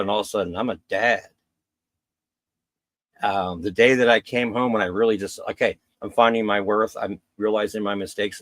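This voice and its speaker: A middle-aged man telling a personal story as a podcast guest, candid and rambling, voicing quotes of others. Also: dry recording. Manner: candid, rambling, acts out quotes with raised pitch.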